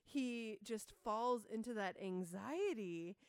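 A woman's voice: a little high, expressive, slow, smooth, no room sound. A woman co-hosting a podcast in casual chat, explaining her thinking in a thoughtful, analytical way. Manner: thoughtful, analytical, reads quotes aloud. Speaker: podcast co-host.

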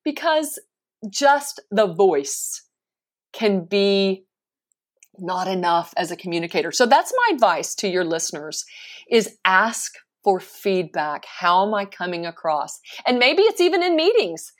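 A woman's voice: medium pitch, big pitch swings, a little slow. A woman in her forties, a professional speaker, talking animatedly and emphatically as a guest in a casual interview, often laughing.

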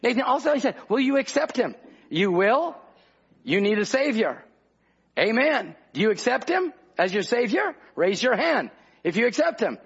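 Husky high-voiced man preaching revival, rhythmic and fervent, dull old tape sound. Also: big pitch swings, moderate pace, fairly bright tone. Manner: fervent, rhythmic, calls out to the congregation. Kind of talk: revival sermon.

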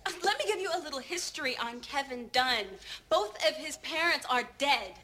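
An actress playing a protective school teacher who speaks firmly and clipped, in a film clip. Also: female voice, high voice, lively intonation, normal speed, bright, forceful tone. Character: protective woman school teacher, firm and indignant.

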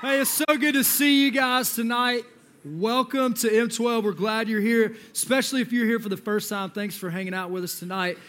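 A youth pastor, a man, delivers an energetic youth sermon with jokes and questions thrown at the crowd. His voice sits very high and sounds bright and forceful. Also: moderate pace. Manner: energetic, joking, talks to the crowd.

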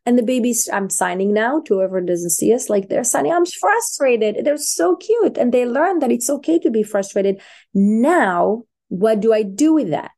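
Middle-aged woman, mellow, slightly high, expressive teacher energy. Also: normal speed. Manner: animated, acts out parents and babies in quoted voices. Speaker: positive psychology expert, guest. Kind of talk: casual podcast interview.

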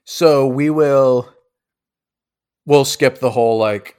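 A man's voice: mid-range voice, slow pace, a little mellow, clear, resonant tone. Casual male game master narrating. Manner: casual, rambling with fillers.

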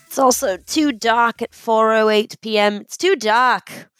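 A woman's voice: fairly high pitch, a little slow, fairly bright tone, no echo, faint music behind. A woman co-hosting a podcast in casual chat, playful and joking, telling stories with animation. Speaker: podcast co-host.

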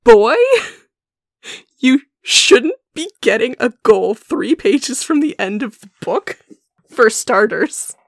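A woman's voice: on the high side, lively intonation, slow, dry recording, clean studio sound. A woman co-hosting a podcast, chatting casually and mockingly about a book, laughing often and swearing. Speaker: podcast co-host. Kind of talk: casual book-discussion chat.

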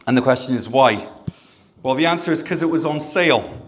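A man's voice: mid-range voice, fairly quick. A man preaching a sermon in a church, conversational and self-deprecating, with humor. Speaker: pastor.

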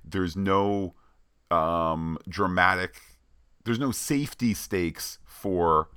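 A man's voice: low voice, extremely slow, fairly bright tone, clean tone, dry recording, studio quality. A man co-hosting a podcast, talking in a chatty, playful way with plenty of filler words. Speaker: podcast co-host. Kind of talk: casual chat.

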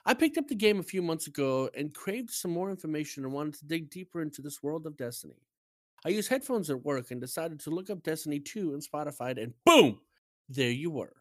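A man co-hosting a casual podcast, reading out a listener message and the weekly news with lively emphasis. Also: a little high, a little fast, dry recording. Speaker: podcast co-host.

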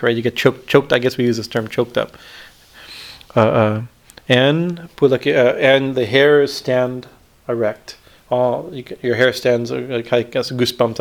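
A man, a swami, teaching on a devotional hymn, with many restarts and frequent "right?" checks, reciting Sanskrit lines slowly. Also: medium pitch, vocal fry. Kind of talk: spiritual discourse on a hymn.

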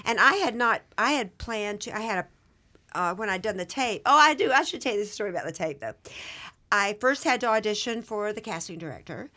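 Guest actress, woman, Southern accent, mid-pitched, animated and self-mocking anecdotes. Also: brisk. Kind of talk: casual interview storytelling.

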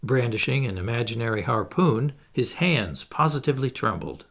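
A male audiobook narrator reading with lots of expression. His voice is gravelly, and it swings widely in pitch from line to line. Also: expressive, normal speed, fairly bright tone. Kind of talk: scripted narration.

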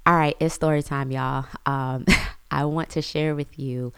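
A woman's voice: very deep voice, little pitch movement, unhurried, clean tone, no echo. A woman, chatting casually as she tells a family story to her viewers. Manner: chatty, says y'all, acts out quotes. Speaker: vlogger.

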